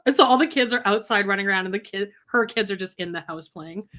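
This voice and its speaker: A woman's voice: mid-range voice, fast talker, hardly any pauses, a bit bright. A woman co-hosting a casual podcast chat, reading book passages aloud in a mocking voice and joking. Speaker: podcast co-host.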